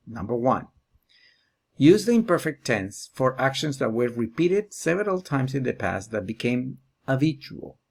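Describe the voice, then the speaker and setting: Guy teaching spanish verbs real slow, husky gravelly voice, reads each form out one by one. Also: medium pitch. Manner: slow, deliberate, drills verb forms one at a time. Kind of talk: slow explanatory grammar lesson.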